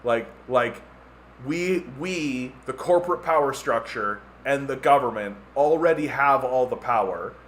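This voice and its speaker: A man's voice: mid-range voice, a little slow, a little hiss or hum. A Canadian man hosting a podcast, ranting casually with sarcastic mockery and many filler words. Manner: sarcastic, mocking impressions, lots of "like" fillers. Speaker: podcast host.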